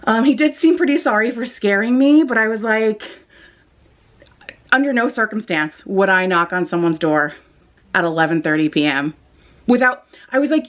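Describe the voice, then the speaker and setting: A woman's voice: a little high, expressive, normal speed, highs cut off. A young woman, still shaken, tells a late-night vlog story in a rambling, breathless, profane way, full of "like", from her dim living room, recorded on a phone or webcam mic. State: shaken and jittery. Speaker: vlogger. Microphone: phone or webcam camera mic.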